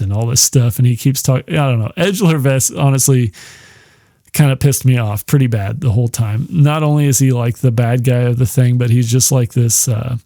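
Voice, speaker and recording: A man's voice: mid-range voice, normal speed, dark tone, no echo, clean studio sound. A man hosting a podcast, rambling casually and profanely through a film comparison, chuckling often and using lots of fillers. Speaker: podcast host.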